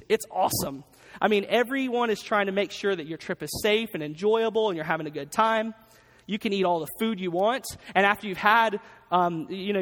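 A man preaching a sermon as pastor in a church, energetic and emphatic, often repeating his key phrases. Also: high-pitched. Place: church sanctuary. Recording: long reverb of a large hall.

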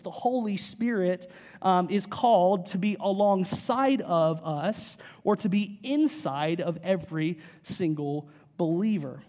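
A man preaching a sermon in an animated, conversational way, with frequent repeats and asides to the congregation. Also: sits high. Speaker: pastor.

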